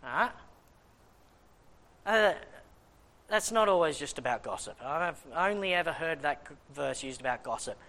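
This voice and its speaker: Man, high voice, preacher, animated sermon, slow scripture reading. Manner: animated, reads scripture slowly, acts out listeners' questions. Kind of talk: sermon, Bible teaching.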